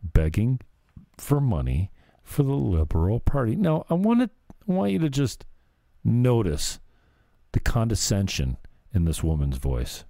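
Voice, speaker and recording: A man with a deep, dark voice delivers sarcastic commentary over clips, jeering at what he plays. His pitch swoops up and down with lively emphasis, and the sound is close and dry. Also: measured pace, creaky, no room sound. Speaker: commentary host.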